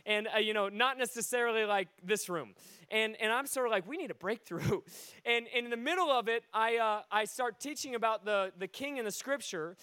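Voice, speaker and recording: Male preacher, high voice, animated storyteller with shouted peaks, dry close mic. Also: fairly quick, clean tone, no echo. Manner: animated, swings between hushed and shouting. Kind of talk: sermon storytelling.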